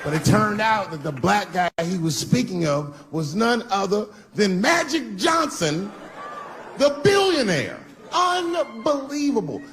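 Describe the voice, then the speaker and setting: On a live stage, handheld mic in hand, a middle-aged comic speaks in a high, sing-song, fairly bright voice at a slightly slow pace. His set is brash and crude, full of mocking asides, and the audience can be heard in the recording.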